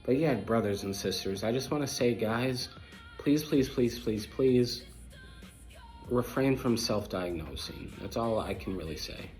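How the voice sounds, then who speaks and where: A man's voice: mid-range voice, lively intonation, measured pace, darkish tone, faint music behind. A man hosting a podcast, talking bluntly and repetitively in a scattered, manic way, jumping from thought to thought. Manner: repetitive, emphatic, jumps between thoughts; blunt and preachy toward listeners. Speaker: podcast host. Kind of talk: casual monologue to viewers.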